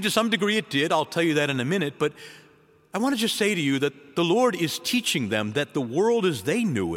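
A man preaching a sermon as a priest, his voice sitting a little high and rising and falling dramatically between loud urgent phrases and hushed lines. His words ring out with a long church reverb. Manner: dramatic preaching with wide swings in pitch and loudness.

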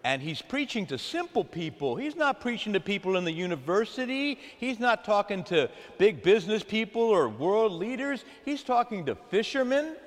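Male preacher, high, very lively voice, calls out to his congregation, church hall with long reverb. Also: moderate pace, few pauses. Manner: animated call-and-response with the congregation. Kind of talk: sermon.

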